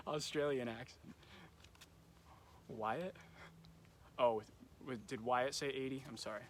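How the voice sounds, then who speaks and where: A man's voice: medium pitch, takes it slowly, pauses often, a little hiss or hum. A young man running casual nature trivia for kids on a live stream, chatty and loose, with lots of ums. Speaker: nature center camp educator. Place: nature center. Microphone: phone or camera on a live stream.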